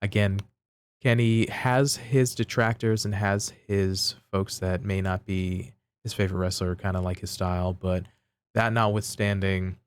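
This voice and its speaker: A man co-hosting a casual wrestling chat, recapping events in a measured, step-by-step way. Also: deep voice, steady tone, clean tone. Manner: measured, recaps step by step with fillers like "type of thing". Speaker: podcast co-host.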